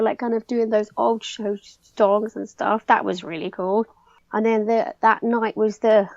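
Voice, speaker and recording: A young English woman chatting excitedly as a podcast guest, peppering her story with "like". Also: on the high side, gravelly, no room sound, lo-fi sound. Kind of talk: casual chat.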